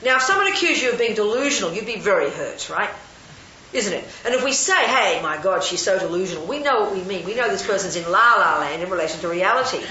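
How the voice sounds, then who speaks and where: An older woman, a Buddhist nun, giving a lively, chatty talk to a live audience and often asking them questions. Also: mid-range voice, fast talker. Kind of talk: casual dharma talk to an audience. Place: hall with an audience. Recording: roomy, lo-fi, faint hiss.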